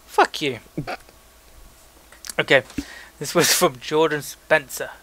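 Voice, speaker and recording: A man's voice: a little high, slow, fairly bright tone. A young man co-hosting a casual podcast, reading listener emails aloud in a joking, loose way with frequent stumbles. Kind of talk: casual chat.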